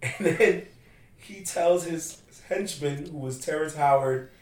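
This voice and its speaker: A man's voice: fairly high pitch, takes it slowly, far from the mic. A man telling a story in casual chat, acting out quotes as he goes. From New York City. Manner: animated storyteller, acts out quotes. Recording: echoey room, off-mic, faint ambience.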